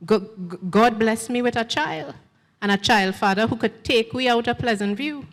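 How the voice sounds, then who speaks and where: Pleading, stammering Trinidadian housemaid, voice pushed higher, echoing hall, read by a woman. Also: normal speed, close to an everyday voice. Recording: long hall reverb.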